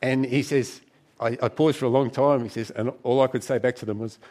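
A middle-aged man preaching a sermon to a church gathering, conversational and warm in tone, with frequent restarts. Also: mid-range voice, fairly even intonation, fairly quick.

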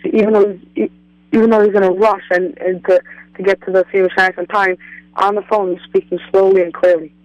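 Flat-voiced young man on a phone line. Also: high-pitched, a little fast, no echo. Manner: plain, slightly repetitive telling. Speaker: caller. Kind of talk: phone-in story.

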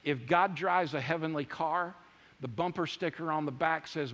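A man preaching a sermon, emphatic and repetitive, swinging from loud declarations to hushed asides. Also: fairly high pitch, moderate pace. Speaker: pastor. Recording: long hall reverb.

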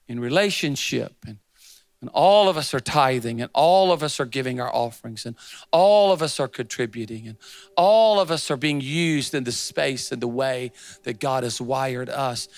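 Folksy pastor with a gravelly voice. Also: male voice, medium pitch. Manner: storytelling, folksy, emphatic. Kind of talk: sermon.

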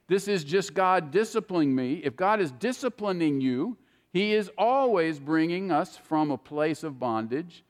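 A man's voice: on the high side, in a large hall. A man preaching a sermon, earnest and speaking straight to his listeners. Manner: earnest, addresses listeners directly by name.

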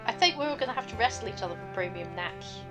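A woman's voice: medium pitch, expressive, quick pace, music in the background. A woman playing a tabletop game, rambling playfully with the group. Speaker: player.

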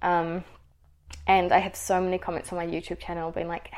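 A woman's voice: fairly low pitch, monotone, fairly quick, darkish tone. A woman YouTuber hosting a casual chat, talking freely with lots of "like" and "um". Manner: chatty, many likes and ums. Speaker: YouTuber host.

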